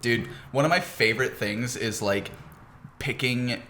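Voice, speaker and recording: A man's voice: medium pitch, unhurried, sharp tone, a little hiss or hum. A man co-hosting a podcast in casual chat, laid-back, laughing and swearing freely. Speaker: podcast co-host.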